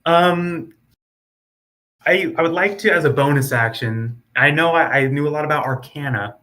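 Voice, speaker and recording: A man's voice: on the high side, normal speed, sharp tone. A man playing a tabletop game, easygoing and laid-back. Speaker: player. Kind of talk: casual tabletop play.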